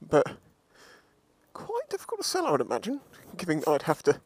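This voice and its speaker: Through a helmet mic, a man vlogs his motorbike ride and later a walk around a scrap yard, joking to himself and his audience as he narrates casually. His slightly rough, somewhat high voice swings hugely in pitch at a moderate pace, over loud wind and road noise.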